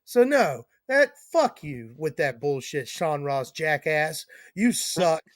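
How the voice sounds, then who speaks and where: A man's voice: fairly high pitch, animated, slow pace, dry recording, studio quality. A man co-hosting a casual wrestling podcast, ranting sarcastically and swearing a lot. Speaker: podcast co-host.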